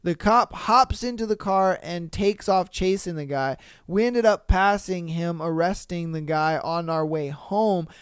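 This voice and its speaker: A man reads listener stories on a podcast at an unhurried pace, with a smooth, clean tone. He breaks in with loud, profane outbursts between the readings. The sound is dry and close, with no room echo. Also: high-pitched. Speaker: podcast host.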